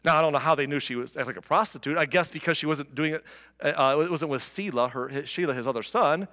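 A man's voice: a little high, fast talker, sharp tone. Wry preacher man in an echoing hall. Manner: conversational, wry, acts out the characters. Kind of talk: sermon retelling scripture. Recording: long reverb of a large room.

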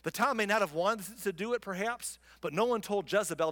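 A man teaching from the Bible in a chatty, animated way, now and then mocking the people in the story. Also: sits high, fairly quick, few pauses, big-room sound. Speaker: preacher.

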